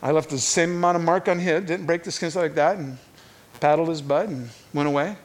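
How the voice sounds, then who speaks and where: A middle-aged man preaching a sermon, telling stories with lively energy and often repeating words as he goes. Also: fairly high pitch, fairly quick. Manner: animated storytelling, repeats words.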